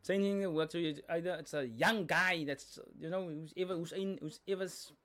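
A young man with a South African accent reacts to songs in a relaxed, talkative way, stopping to unpack slang for his viewers. His voice sits somewhat higher than most men's. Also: fairly quick. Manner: chatty, explaining lyrics, code-switching slang. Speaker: reaction video host. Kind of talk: casual reaction commentary.

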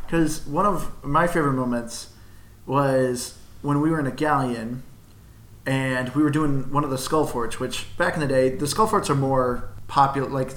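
A man telling a gaming story quickly in casual chat, laughing as he goes. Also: mid-range voice, a bit bright. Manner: fast, laughing anecdotes with put-on voices. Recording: echoey room.

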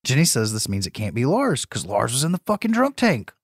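A man's voice: mid-range voice, brisk, slightly rough, dry recording, studio quality. A man hosting a podcast, recapping a movie in a casual, profane way and laughing often. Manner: profane, laughing, animated storytelling. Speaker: podcast host.

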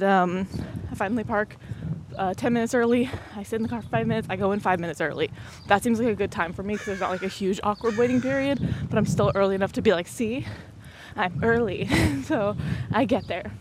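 Casual young woman host, chatty and breathless, mid-pitched voice, audible background noise. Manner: rambling, fast, swears casually, laughs often. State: a bit out of breath. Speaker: podcast host. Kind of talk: casual chat.

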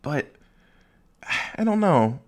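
A young man hosting a casual solo podcast, rambling and swearing, joking at his own expense and dropping into quick silly voices. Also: fairly high pitch, big pitch swings. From Ohio, USA. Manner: rambling, profane, self-mocking, acts out quick silly voices. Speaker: podcast host.

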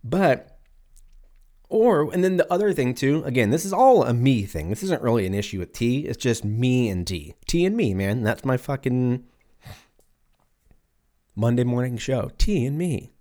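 A man in his twenties riffs alone on his podcast with a mid-pitched voice. He rambles, swears freely and laughs at his own slips, talking straight into a mic at his computer. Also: expressive, normal speed, warm tone. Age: 20s. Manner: rambling, profane, self-mocking with frequent laughs. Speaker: podcast host. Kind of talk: casual solo podcast rant.

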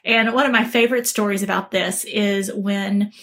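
A woman's voice: medium pitch, fairly even intonation, moderate pace, a bit bright. A woman coaching listeners in an earnest, emphatic talk, acting out the quoted voices of others. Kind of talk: motivational talk to camera.

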